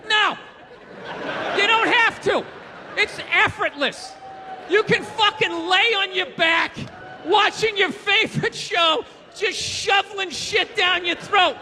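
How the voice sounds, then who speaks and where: Stand-up guy in his 50s ranting and swearing, really high bright voice, big echoey hall. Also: slow, some chatter behind. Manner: profane, ranting storytelling. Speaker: stand-up comedian. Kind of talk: stand-up comedy routine. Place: live comedy stage. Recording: echoey hall with faint noise.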